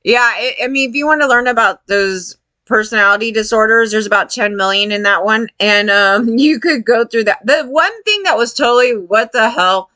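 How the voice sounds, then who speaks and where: A woman's voice: on the high side, normal speed, few pauses, no echo. A woman talking in a casual, rambling way, often laughing and acting out what others said. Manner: rambling, animated, laughs often, quotes people in voices.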